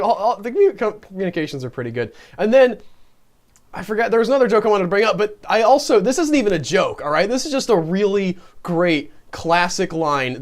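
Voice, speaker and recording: High-pitched male co-host, casual film chat, rambly with lots of restarts. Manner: rambling, frequent restarts and laughter. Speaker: podcast co-host. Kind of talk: casual movie review chat.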